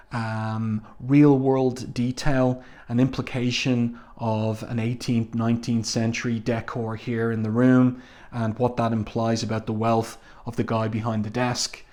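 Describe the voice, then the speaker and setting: A man casually reviewing a comic book, reading out the panels, pausing often and slowing down for admiring asides. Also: mid-range voice, a little mellow. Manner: halting, with many ums and slow admiring asides.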